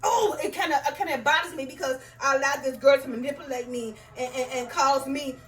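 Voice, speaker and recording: A woman's voice: high-pitched, brisk, a little hiss or hum. A woman giving a conversational spiritual talk to her viewers, checking in with "right?" and "you understand?" as she goes. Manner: reads scripture aloud in King James wording. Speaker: faith vlogger. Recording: echoey room, voice a bit far from mic.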